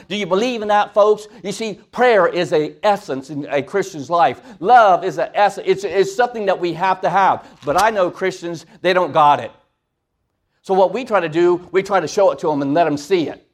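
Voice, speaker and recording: A preacher giving a conversational sermon, asking the congregation questions. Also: male voice, high voice.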